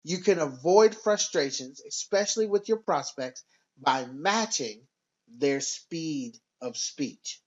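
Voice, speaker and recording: Man narrating sales training, slightly higher voice. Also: animated, takes it slowly, darkish tone, highs cut off.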